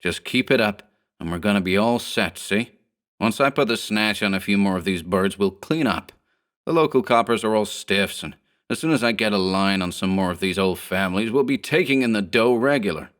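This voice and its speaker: A man's voice: fairly low pitch, normal speed, a bit bright, close to an everyday voice. A cocky gang boss as a man plays him snarls in old-time gangster slang. He sounds harsh and scornful throughout. It is a character voice in a horror audiobook. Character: short sallow male 1930s gang boss, scornful, cocky.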